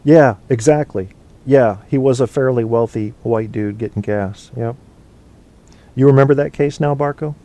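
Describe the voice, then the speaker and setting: A man's voice: medium pitch, moderate pace, mellow. A man hosting a casual live internet show, answering chat in a rambling, profane, think-aloud way. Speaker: internet radio host.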